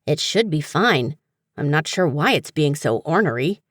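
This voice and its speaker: A woman's voice: low voice, lively intonation, normal speed, no room sound, clean studio sound. A woman playing a grumpy little winged male creature. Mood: grumbling. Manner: gruff, exasperated.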